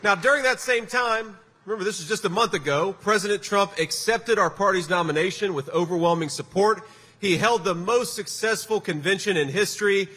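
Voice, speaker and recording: A man stirs up a crowd with a campaign rally speech, his voice bright and sitting high for a man. He hits lines with emphatic force and slips in sarcastic asides. The sound carries a long hall echo with faint noise underneath. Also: brisk. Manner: emphatic, punchy delivery with sarcastic jabs. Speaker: political candidate at a rally. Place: large rally venue before a crowd.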